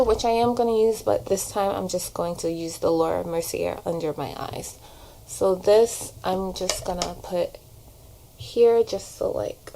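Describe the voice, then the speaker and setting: Casting note: woman vlogger, relaxed get-ready-with-me chat, mellow voice with some vocal fry, camera mic at home. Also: mid-range voice, slight background noise, low-quality recording. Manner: chatty, rambling, many "like" fillers. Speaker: vlogger and actor. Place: at home, doing makeup in front of a mirror. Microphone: camera propped on a shelf.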